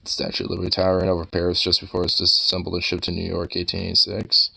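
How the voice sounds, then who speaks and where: A man's voice: low voice, monotone, racing, vocal fry, pushed and bright. A man giving casual, rambling commentary while browsing online posts, full of profanity and filler.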